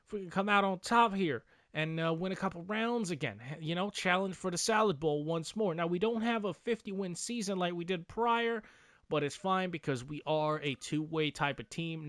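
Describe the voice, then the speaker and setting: Slurring, excitable young man narrating gameplay. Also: sits high, dry recording, studio quality. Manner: excitable, hypes his team, swears casually. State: slurring speech after dental surgery. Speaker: gaming video creator. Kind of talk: casual gameplay commentary.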